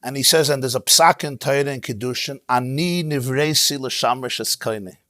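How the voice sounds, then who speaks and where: A man teaching a Torah class as a rabbi, in an animated, emphatic way, sprinkling in Hebrew terms. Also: mid-range voice, normal speed, dry recording, clean studio sound. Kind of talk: lively Torah lecture. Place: synagogue.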